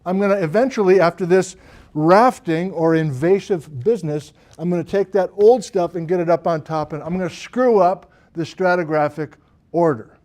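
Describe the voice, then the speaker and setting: A man's voice: sits high, normal speed, a little mellow, natural voice. Give me a brash, theatrical lava flow boasting about its power, as a male lecturer puts it on, in a raised voice. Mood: bold. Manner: brash, theatrical, first-person bravado. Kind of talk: lecture role-play of a rock.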